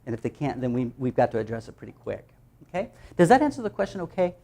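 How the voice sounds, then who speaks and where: A man training teachers in a workshop, talking lively and sounding out letter sounds for them. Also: medium pitch, quick pace, vocal fry. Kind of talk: workshop presentation.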